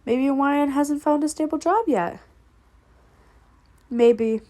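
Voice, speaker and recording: A woman's voice: high voice, slow, mellow. A young woman casually reading a fan story aloud, laughing often, swearing and breaking off to react. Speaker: fanfic reader.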